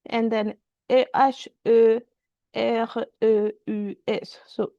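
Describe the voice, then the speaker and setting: A woman's voice: fairly high pitch, flat delivery, takes it slowly, vocal fry, warm tone, dry recording. A woman teaching French in an online class over a video call, repeating phrases and switching between French and English.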